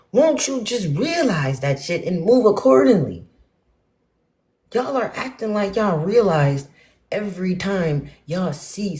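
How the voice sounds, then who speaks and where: A young woman rants bluntly and profanely to her viewers, swinging between loud outbursts and muttered asides. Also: medium pitch. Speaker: spiritual vlogger. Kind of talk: ranting casual monologue to viewers.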